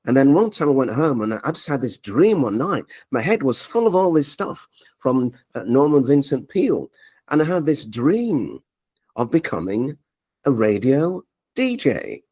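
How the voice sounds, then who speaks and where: A man in his forties tells stories as an interview guest, his pitch leaping up and down as he acts out who said what. He talks with lively animation. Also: moderate pace. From Leeds, England. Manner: animated storyteller, acts out quoted dialogue. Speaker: interview guest, media coach. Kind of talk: storytelling interview.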